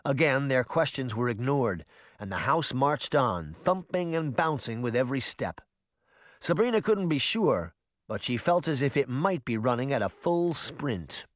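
Male audiobook narrator with an animated, expressive delivery and a dry close-mic sound. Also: mid-range voice, unhurried, dry recording. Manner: expressive, lively reading. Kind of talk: scripted storybook narration.

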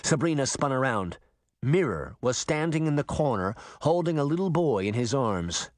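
A male audiobook narrator reads a scripted story with expressive storytelling, in a mid-range voice at a normal speed. The recording is dry, with clean studio sound.

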